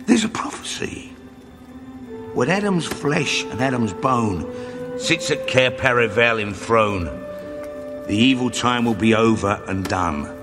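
A man playing a chatty, excitable male beaver in a film, speaking in a brisk, folksy, teasing way. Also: mid-range voice. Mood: earnest. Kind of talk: film dialogue. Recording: reverberant film clip with music.

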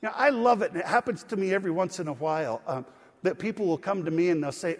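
Storytelling pastor in a reverberant church. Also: male voice, high-pitched, animated, brisk, breathy edge. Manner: storytelling, rising to emphatic preaching. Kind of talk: sermon. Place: church sanctuary.

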